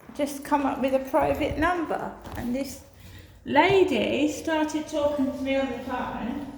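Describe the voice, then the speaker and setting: A woman's voice: high voice, slight background noise. A woman, chatting casually to her channel while out walking her dog. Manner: chatty, incredulous storytelling. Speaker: vlogger. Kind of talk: casual chat.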